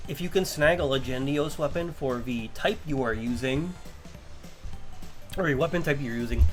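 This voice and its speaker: A man, a VTuber, rambling without a script about a game update, sounding tired and filling pauses with ums and restarts. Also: medium pitch. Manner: tired, yawning, many fillers and restarts. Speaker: vtuber commentator. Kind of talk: unscripted rambling commentary.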